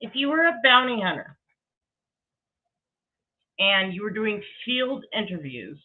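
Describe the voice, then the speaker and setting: A woman's voice: mid-range voice, very animated, measured pace. Casting: blunt skeptical woman, phone-like sound. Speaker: commentator. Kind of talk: reaction commentary. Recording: tinny phone-like audio.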